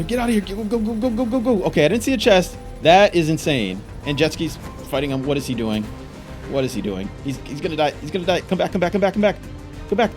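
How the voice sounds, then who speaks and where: A man's voice: on the high side, darkish tone. A young man giving frantic, frustrated commentary while playing a game. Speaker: gaming YouTuber. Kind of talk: gameplay commentary.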